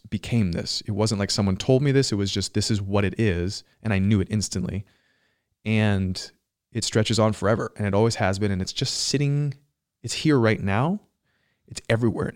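A man speaks in a somewhat low voice, slowly recounting a personal experience in relaxed conversation. He pauses and restarts as he searches for words. The sound is dry and close, with little room behind it. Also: no room sound. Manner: reflective, searching for words, frequent fillers. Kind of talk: casual storytelling conversation.

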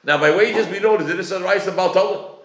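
A man's voice: sits high, quick pace, fairly bright tone. A man in his forties teaching a Talmud class, acting out creditor and debtor exchanges. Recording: echoey room.

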